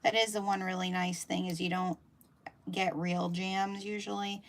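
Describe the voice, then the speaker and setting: A middle-aged woman with a Pennsylvania Dutch accent, chatting as she sews through a live tutorial and thinks out loud about each step. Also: on the low side, little pitch movement, moderate pace. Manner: chatty, thinking aloud while sewing. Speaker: sewing instructor. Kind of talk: live sew-along tutorial. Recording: noisy room with machine clicks.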